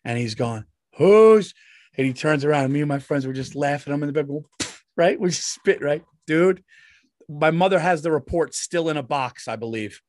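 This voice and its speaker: A man's voice: on the high side, a little fast, no room sound, studio quality. A man in his forties telling rambling, profane stories as a comedian co-host in casual podcast chat. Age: 40s.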